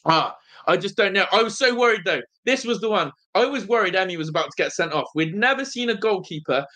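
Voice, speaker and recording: A fan channel host, excitedly calling a live football watch-along, overwhelmed and breathless, chatting with viewers in the live chat. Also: mid-range voice, fast talker. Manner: excitable, shouting in celebration.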